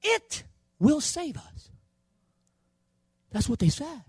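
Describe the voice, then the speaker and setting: A man preaching a sermon in a church, swinging between loud shouting and quieter low passages. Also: big pitch swings, takes it slowly, pauses often, no echo, clean studio sound. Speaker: pastor.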